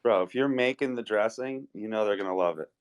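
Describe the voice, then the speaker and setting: Laid-back man with a deep voice. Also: a little fast, clear, resonant tone. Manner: laid-back, casual slang. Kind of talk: casual audio chat.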